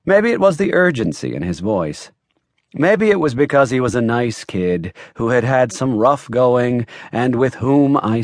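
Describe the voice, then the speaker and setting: A man's voice: mid-range voice, darkish tone, no echo, clean studio sound. A man reading a hardboiled mystery in first-person narration, with a wry and playful delivery. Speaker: audiobook narrator. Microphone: studio mic.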